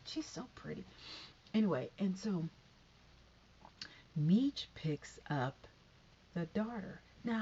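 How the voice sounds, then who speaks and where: A woman's voice: on the low side, darkish tone, muffled recording, a little hiss or hum. A woman casually recapping a TV episode, rambling with lots of fillers and tangents.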